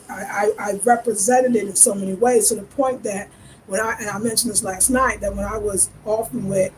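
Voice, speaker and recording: A woman's voice: mid-range voice, slight background noise, low-quality recording. A woman from the United States giving an earnest, searching personal monologue as a vlogger, building her points through rhetorical questions. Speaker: lifestyle vlogger.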